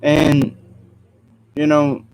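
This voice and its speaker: Fairly high yet resonant, clear and a little mellow, this vlogger's voice is monotone and extremely slow, with vocal fry, despite poor audio. Speaking solo, he rambles earnestly, repeats himself, apologizes, and trails off with ums.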